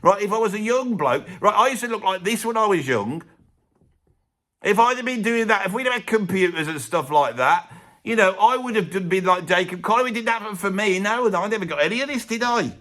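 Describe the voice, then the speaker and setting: A man's voice: high-pitched, expressive, a little fast, fairly bright tone. A man in his fifties with an English accent, ranting sarcastically in a ranking video. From Britain. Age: 50s. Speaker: music YouTuber.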